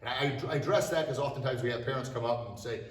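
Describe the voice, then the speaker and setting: Energetic martial arts instructor, echoey room. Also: male voice, medium pitch, fast talker, distant mic. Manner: energetic, shouts sharp strike cries. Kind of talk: demonstrating self-defense to students. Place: martial arts studio, indoors. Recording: echoey studio, voice from off-mic.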